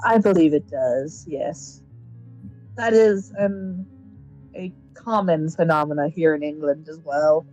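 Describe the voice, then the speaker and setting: A woman's voice: low voice, takes it slowly, a little mellow, highs cut off, soft background music. Polite woman voicing a genteel role-play character. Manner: polite, genteel phrasing with casual fillers when narrating. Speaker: tabletop role-playing player. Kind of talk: in-character role-play and narration in a tabletop game.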